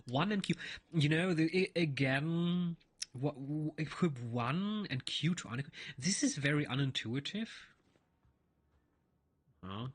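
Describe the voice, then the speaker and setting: A husky man talks casually over gameplay, rambling through an anecdote with restarts and asides. His voice rises and falls in a lively way. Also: on the high side. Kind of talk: casual gameplay commentary and storytelling.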